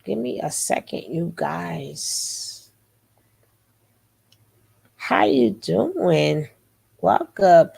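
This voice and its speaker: Woman livestream host, unhurried and playful, husky gravelly voice, teasing chat. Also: lowish voice, very animated, mellow. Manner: playful, teasing, greets viewers by name.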